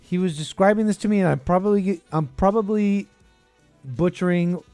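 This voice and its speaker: A high-pitched, dark-toned man hosts a call-in show at an ordinary pace, with soft music in the background. He chats casually and rambles, often chuckling and letting his thoughts trail off.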